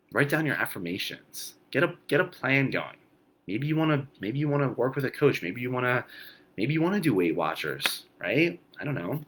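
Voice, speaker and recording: A man coaching viewers on fitness in a live talk, energetic and repetitive, often checking in with "okay" and "right". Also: medium pitch, a little hiss or hum.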